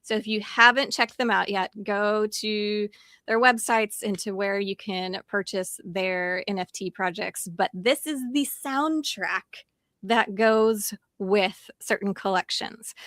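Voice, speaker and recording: A woman hosting a show, chatting casually with quick asides and easy laughter. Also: mid-range voice, a bit bright, no room sound. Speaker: host. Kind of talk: casual chat.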